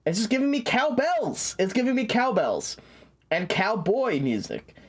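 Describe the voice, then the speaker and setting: A man's voice: high-pitched, wildly swooping pitch, a little slow. A man streaming a game, chatting casually and rambling with lots of fillers, restarts and swearing.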